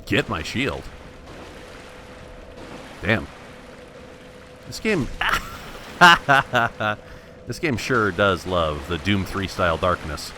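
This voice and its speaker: Man, very low pitch, bright forceful tone, wry self-mocking game commentary, faint background noise. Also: animated, slow, pauses often. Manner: wry, self-mocking, thinks aloud with frequent restarts. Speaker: gameplay commentator. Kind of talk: let's play commentary.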